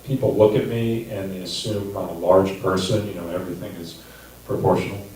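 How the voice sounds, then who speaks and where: A man in his thirties doing a stand-up comedy set, crude and self-deprecating with a deadpan delivery. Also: low voice, fairly quick. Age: 30s. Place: comedy club stage. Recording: echoey distant room recording with noise.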